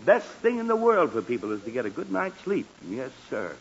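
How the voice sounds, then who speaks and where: Sputtering sitcom dad, wildly swinging pitch, hissy old radio sound. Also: male voice, big pitch swings, fairly quick, muffled recording. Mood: lecturing. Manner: sputtering, stammering exasperation. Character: flustered middle-aged father, easily exasperated. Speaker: family father in a sitcom. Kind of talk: 1940s radio acting.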